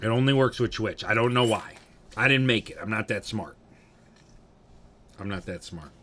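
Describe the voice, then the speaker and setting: A young man drinking on a livestream, chatting casually with viewers in a profane, rambling way that swings between loud bursts and mumbling. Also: on the low side, moderate pace.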